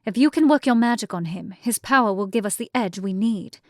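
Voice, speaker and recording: A woman's voice: a little high, brisk, no room sound, lightly acted. An icy, cultured villainess with an English accent, as a woman narrator puts her on. She speaks in a clipped, cold way, recorded close and dry. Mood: scheming.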